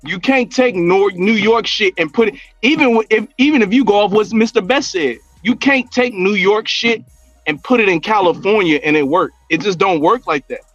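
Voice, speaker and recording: A man's voice: high voice, moderate pace, a bit bright, no room sound, lo-fi sound, soft background music. A man co-hosting a podcast, arguing bluntly in casual chat. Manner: blunt, argumentative, repeats himself. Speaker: podcast co-host.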